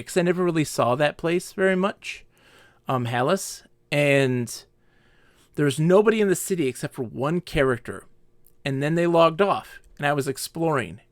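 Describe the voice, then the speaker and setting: A man live-streaming a game, chatting casually with viewers and telling animated stories. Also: medium pitch, no room sound, studio quality. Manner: animated storytelling, acts out quoted players. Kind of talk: casual live-stream chat while gaming.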